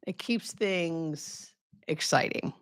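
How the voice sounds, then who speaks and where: Speaking low and slowly, a woman in her thirties runs a relaxed livestream Q&A. A hospice nurse by profession, she welcomes viewers by name and makes chatty jokes at her own expense.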